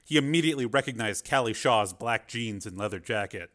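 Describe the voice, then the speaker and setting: A man reading a story aloud in a measured, expressive way. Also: mid-range voice. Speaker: audiobook narrator. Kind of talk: scripted narration.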